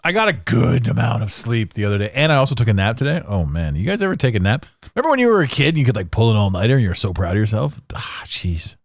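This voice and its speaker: A man's voice: medium pitch, very animated, fast, vocal fry, few pauses, dry recording. A tired man in his forties from Canada, ranting sarcastically in a rambling solo podcast monologue. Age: 40s. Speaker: podcast host.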